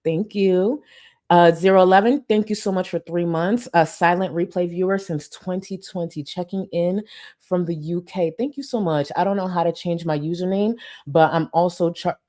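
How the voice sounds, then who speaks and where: A woman's voice: fairly low pitch, normal speed, a little mellow. A young woman hosting a casual commentary livestream, chatting and reading out supporter messages. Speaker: livestream host.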